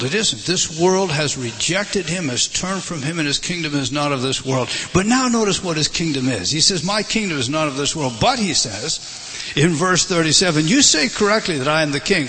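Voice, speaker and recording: Impassioned male preacher in an echoing hall. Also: slight background noise. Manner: impassioned, swelling to loud emphasis then dropping low. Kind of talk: sermon. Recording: large hall reverb, faint ambience.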